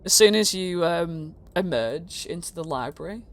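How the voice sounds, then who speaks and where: A woman's voice: lowish voice, expressive, moderate pace. A British woman as game master, narrating a tabletop game in a rambling way with many fillers. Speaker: dungeon master.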